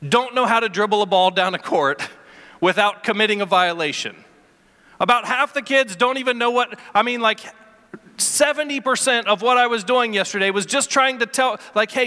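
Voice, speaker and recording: High bright-voiced male pastor in a hall. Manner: storytelling, self-deprecating, with halting restarts. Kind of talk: sermon. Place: church sanctuary.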